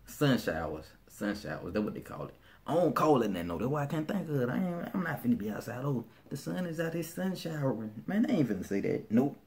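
A man's voice: medium pitch, sing-song, fast talker, darkish tone. A man with a Birmingham, Alabama accent chatting casually in a vlog, laid-back and slangy, often restarting his sentences. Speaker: vlogger.

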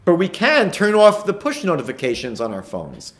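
A man's voice: sits high, wildly swooping pitch, normal speed, a bit bright. A man, a rabbi giving a lecture, retelling Talmud stories and asking emphatic rhetorical questions. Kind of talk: recorded lecture.

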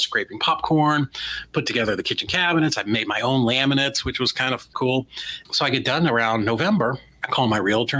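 A medium-pitched American man in his forties is a guest in an interview. He's a real estate investor telling a story and acting out the lines of the people in it with animated energy. The recording is rough.

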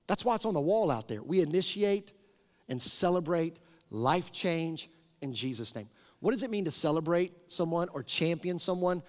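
A middle-aged man, a pastor, preaching a conversational, emphatic sermon with storytelling in a large church sanctuary. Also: high voice. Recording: reverberant sanctuary sound.

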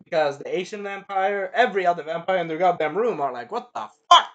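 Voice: medium pitch, quick pace, lo-fi sound. A reviewer giving a casual spoken episode review, rambling and swearing, with many fillers and restarts. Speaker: show reviewer.

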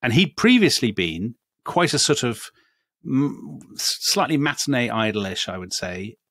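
An English man co-hosting a casual history podcast, exclaiming and quick to joke. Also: mid-range voice, very animated, fairly bright tone. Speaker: podcast co-host.

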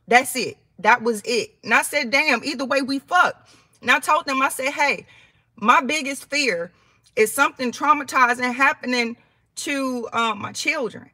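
Bright-voiced woman telling a heated story. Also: high-pitched, no room sound. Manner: animated, heated, swears freely, acts out quotes. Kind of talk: casual storytime monologue.

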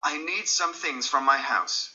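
A man playing a reluctant male scientist, firm and cold in refusal. The voice is raised and bright against a dull, lo-fi recording. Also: fairly high pitch, a little slow, voice pushed up. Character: male scientist, stern, shocked, coldly reluctant.

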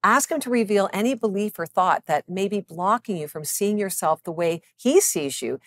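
A woman in her fifties, a psychologist and author, reading a scripted devotional. She speaks earnestly to the listener and slows down to give scripture passages deliberate weight. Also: mid-range voice, animated, dry recording, clean studio sound. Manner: earnest, encouraging address to the listener.

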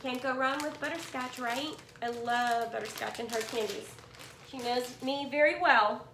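A middle-aged woman with a high voice, talking at normal speed, excitedly unboxes swap yarn and chats to viewers as if they were friends. Her gushing comes from a cluttered room at home, reverberant with slight background noise.

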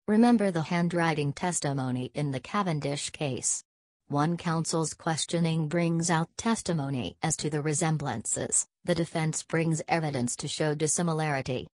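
A woman's voice: low-pitched, darkish tone, dry recording, clean studio sound. A woman reading the part of a fussy, self-assured middle-aged male detective in an audiobook, speaking in a precise, lecturing way.

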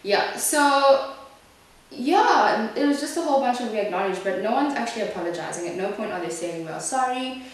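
A woman's voice: fairly high pitch, brisk. Vlogging woman from South Africa in an echoey room. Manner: frank, rises sharply when upset, trails off when focused. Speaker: beauty vlogger. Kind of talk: casual chat while doing makeup. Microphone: camera mic at a distance. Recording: echoey room, distant mic.

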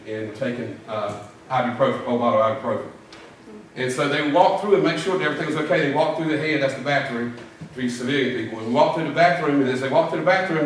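In a church sanctuary, a middle-aged preacher delivers a sermon full of folksy stories and drill-sergeant impressions. His voice is on the high side and fairly bright, captured from a distance in echoey surroundings with slight hiss or hum.

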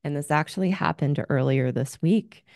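A woman's voice: sits low, moderate pace, darkish tone, no room sound, clean studio sound. A woman hosting an advice show as a relationship coach, talking in an earnest, candid coaching tone. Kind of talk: advice monologue.

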